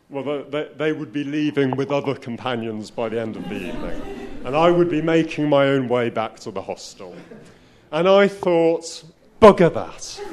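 A man with a slightly high voice tells a personal story live on stage. His delivery is wry and self-mocking, and he often stumbles and restarts sentences as he goes. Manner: self-deprecating, wry, halting with frequent restarts. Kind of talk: live spoken-word storytelling.

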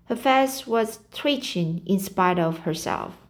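A woman's voice: medium pitch, expressive, slow pace. A woman reading a novel aloud to learners, carefully rereading and correcting words and explaining them. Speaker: reading teacher. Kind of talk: slow read-aloud of a novel with word explanations.

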